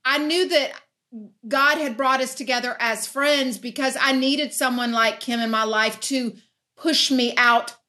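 A woman talking as a guest in a casual chat, reserved and soft-spoken. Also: high voice, fairly even intonation, a little slow. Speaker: guest, best friend of host.

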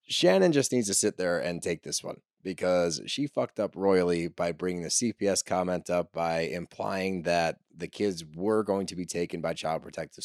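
A man's voice: low-pitched, darkish tone, no room sound, studio quality. A man co-hosting a podcast, giving opinionated and casual recaps of reality TV and swearing freely. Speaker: podcast co-host.

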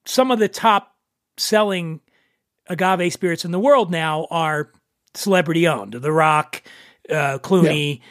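A man's voice: on the high side, measured pace, a bit bright, no echo, studio quality. A man from Philadelphia with a Philadelphia accent, hosting a casual whiskey tasting chat, joking and restarting often. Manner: chatty, joking, many restarts. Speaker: podcast host.

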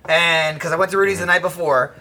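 A man's voice: a little high, steady tone, fast talker, crowd noise. A man hosting a casual podcast, reading an ad and then joking with crude slang. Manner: reads ad copy then jokes around with crude slang. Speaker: podcast host. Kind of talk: casual chat.

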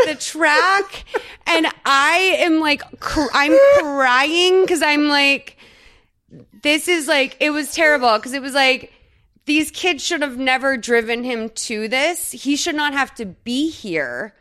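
A high-pitched woman co-hosting a podcast recaps a movie in casual conversation. She tells it animatedly, stuffing her sentences with "like" and frequently laughing partway through them.

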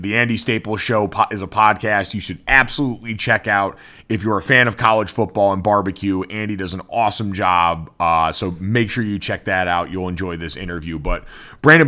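A man hosting a sports podcast in casual, chatty talk full of asides. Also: on the low side. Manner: chatty, many "like" fillers, lively asides. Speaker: podcast host.

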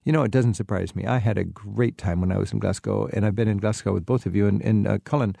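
A man hosting the conversation, asking his guests curious questions in a relaxed way. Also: fairly low pitch, fast, creaky, dry recording. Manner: curious, prompting questions, chuckles often. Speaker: host. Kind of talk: casual interview.

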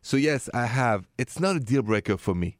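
A man's voice: mid-range voice, lively intonation, moderate pace, no room sound, studio quality. French-accented man giving relationship advice. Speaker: radio show co-host. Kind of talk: casual talk radio chat.

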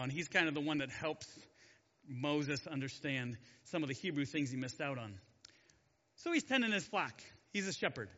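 A man's voice: sits high, bright, forceful tone, big-room sound, highs cut off. A man teaching a Bible story in a chatty, jokey way and asking his listeners questions. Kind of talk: casual Bible story lesson.

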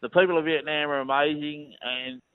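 A man's voice: fairly high pitch, steady tone, fairly quick, smooth, no room sound. A man with an Australian accent calling in to chat about racing, talking in a chatty, matey way. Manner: chatty, matey, keeps saying mate. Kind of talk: casual phone chat. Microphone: phone. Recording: tinny phone line.

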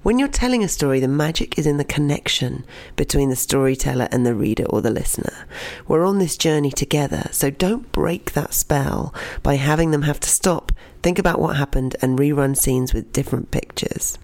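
A storyteller in their twenties telling a personal story, then teaching, expressive and dipping into soft whispers. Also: medium pitch, moderate pace, no room sound. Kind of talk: told personal story and lesson.

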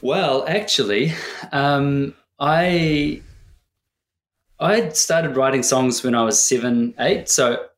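A man, answering a podcast interview in a thoughtful, earnest way and pausing to find his words. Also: mid-range voice, roomy sound. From New Zealand. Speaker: podcast guest.

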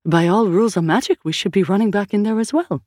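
A woman narrator voicing a calm, scholarly female magic expert who speaks in a measured way. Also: mid-range voice, no room sound, clean studio sound, pitched above the performer's own voice, lightly acted.

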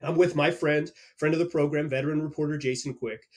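A man's voice: fairly high pitch, brisk. A man hosting a casual podcast interview, talking with energy and telling stories with lots of restarts. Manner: energetic, animated storyteller with frequent restarts. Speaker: podcast host and team reporter.

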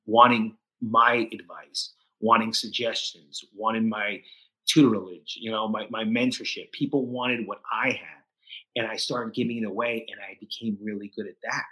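A man's voice: lowish voice, bright, forceful tone, low-quality recording. A middle-aged man, a podcast guest, telling his story candidly, with frequent restarts and acted-out quotes of other people. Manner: emotional, restarts often, acts out quoted voices.

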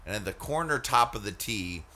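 Bright, lively man chatting. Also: lowish voice, moderate pace. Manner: playful, lively, puts on mock gushing voices. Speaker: podcast co-host. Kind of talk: casual chat.

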